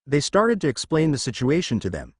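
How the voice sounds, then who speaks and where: Lively, dry-voiced male story narrator. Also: fairly high pitch, fairly quick, slightly rough, dry recording. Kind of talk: fan fiction reading.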